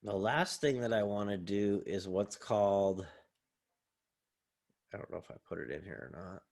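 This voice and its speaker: Man, college professor, recorded online lecture, casual, rambling, thinks aloud, lowish voice. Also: moderate pace, creaky, a little mellow.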